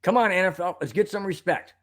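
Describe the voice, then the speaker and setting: A man's voice: high-pitched, fast talker, fairly bright tone. A man hosting a live sports talk stream, ranting in a worked-up way, reading viewer comments aloud and coughing now and then from a tickle in his throat. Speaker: live show host.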